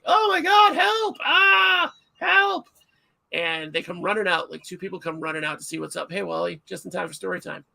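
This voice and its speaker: Creaky, bright-voiced middle-aged man. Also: a little high. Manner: animated storyteller, self-mocking, acts out shouts. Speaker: livestream host. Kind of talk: casual livestream chat.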